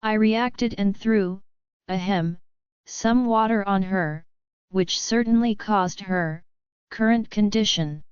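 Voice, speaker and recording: A woman voicing a poised young noblewoman who speaks with calm courtesy. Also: medium pitch, slow, smooth, no echo, lo-fi sound, close to an everyday voice. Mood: composed.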